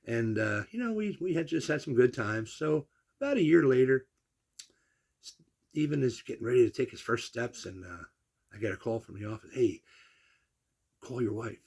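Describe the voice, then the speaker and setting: An older man with a gravelly, husky, medium-pitched voice tells family stories casually at a moderate pace with long pauses. He's an animated, salty storyteller who acts out the people he quotes.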